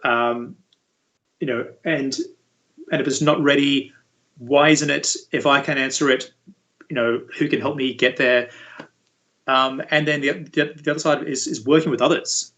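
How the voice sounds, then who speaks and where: A man speaking as an interview guest, a university VFX lead explaining things in a relaxed, conversational way. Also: medium pitch, normal speed, pauses often, rough recording. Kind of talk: casual interview chat.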